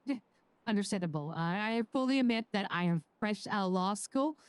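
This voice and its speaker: A woman's voice: medium pitch, expressive, brisk, smooth, dry recording, close to an everyday voice. A woman playing a young law graduate in a role-play job interview, speaking hesitantly with many restarts. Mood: earnest. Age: young adult. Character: nervous young woman fresh out of law school.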